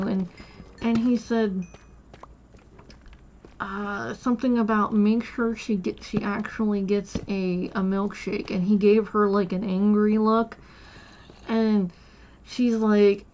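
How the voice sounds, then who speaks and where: A woman's voice: on the high side, fairly even intonation, unhurried, darkish tone, dull audio. A woman streamer telling a long childhood story in a casual, rambling way, with many restarts and quoted voices. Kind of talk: casual storytelling while gaming.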